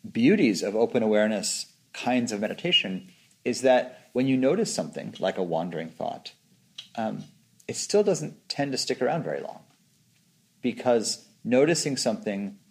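Low, gravelly-voiced meditation teacher. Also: male voice. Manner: reflective, conversational, often acts out his own inner voice. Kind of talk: informal meditation talk.

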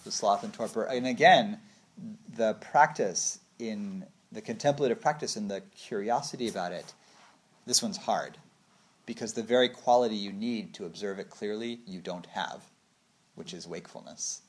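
Guy in his 30s chatting about meditation, kinda low voice, jumps up high when he acts out quotes. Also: normal speed. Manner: animated storytelling, acts out quotes with big pitch swings. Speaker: meditation teacher. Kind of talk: casual dharma talk.

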